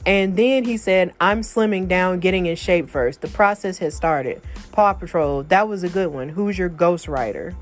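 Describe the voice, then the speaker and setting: A woman in her thirties hosts a podcast, chatting casually and reading out social media posts with exasperated asides. Her lowish voice moves at a moderate pace with few pauses, and faint music plays behind her.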